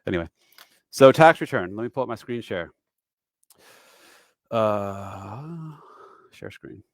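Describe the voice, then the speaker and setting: Man, 40s, live-stream tax educator; slightly low voice, chatty and self-deprecating, dad-joke humor, dry close sound. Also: animated, takes it slowly, no echo. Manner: loose and chatty with dad jokes, many fillers. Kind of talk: casual live-stream walkthrough.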